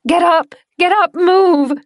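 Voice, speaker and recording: A woman's voice: extremely high pitch, slow, no room sound, clean studio sound, voice pushed up. A woman voicing a desperate young woman, pleading urgently and shrilly in a raised voice.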